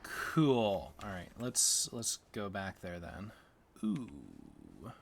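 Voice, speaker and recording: Man, gravelly low voice, slow unhurried talk, gamer stream, thinking aloud, faint background hiss. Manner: thinking aloud, unsure, mumbling menu names. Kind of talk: casual gameplay chat.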